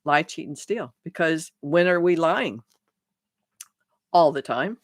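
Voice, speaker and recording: A woman's voice: low-pitched, slow pace, no echo. Earnest woman life coach, dry sound. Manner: earnest and reflective, with restarts. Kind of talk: unscripted live talk to viewers.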